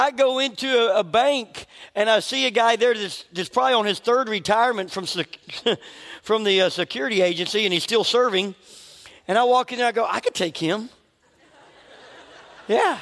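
A man's voice: very high voice, a bit bright, long reverb tail. A man preaching a sermon as pastor, conversational and humorous, acting out his own inner voices.

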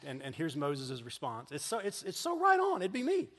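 A man preaching a sermon as pastor, earnest and conversational, dropping to a hush and then lifting into animated storytelling. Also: on the high side, moderate pace. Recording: long reverb of a church hall.

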